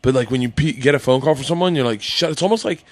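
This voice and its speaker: A man guesting on a podcast in casual chat, animated and laughing often as he jumps into comic bits. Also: medium pitch, very fast, no room sound.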